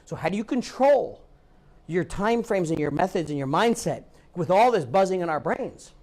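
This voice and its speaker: A man giving a live training talk to a room of real estate agents, lively, acting out what people say. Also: high-pitched, moderate pace.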